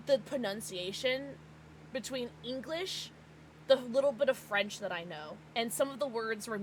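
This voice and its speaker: An American woman livestreaming, chatting casually with her viewers in an excitable, bubbly way. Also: a little high, slight background noise. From United States. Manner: excitable, bubbly, gasps and laughs often.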